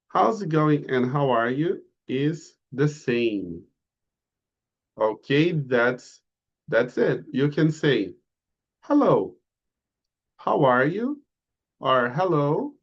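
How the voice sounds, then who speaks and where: A man with a fairly high voice leads a beginner lesson at a very slow pace. He stretches out greetings so learners can copy them, his pitch bouncing up and down. The audio is a little muffled. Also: big pitch swings. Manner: slow, drawn-out model phrases for repetition. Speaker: English teacher. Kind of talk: online English lesson.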